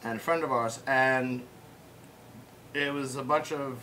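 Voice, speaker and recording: A man's voice: medium pitch, fairly even intonation, measured pace, pushed and bright, slight background noise. An American man hosting a casual chat, rambling through anecdotes with plenty of fillers. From United States. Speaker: host. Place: home room with pets.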